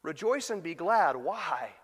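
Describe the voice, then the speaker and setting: High-voiced man preaching in a hall. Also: big pitch swings, slow, husky. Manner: preaching with big swings in loudness, rising to emphatic peaks. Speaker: pastor. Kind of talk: sermon.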